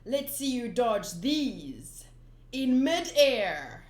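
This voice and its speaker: A sly, boastful pirate clown captain who taunts and drags out his words, as a woman reads him aloud from a comic. His voice sits a little high, and the room echoes noticeably around it. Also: very animated, full character voice. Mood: taunting. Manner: taunting, teasing, drawn-out lines. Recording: roomy echo.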